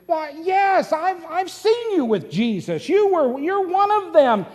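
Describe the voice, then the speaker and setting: Preacher voicing a pushy accusing bystander, high-pitched, insistent, echo of a church hall. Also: male voice, big pitch swings, slow, a little mellow, full character voice.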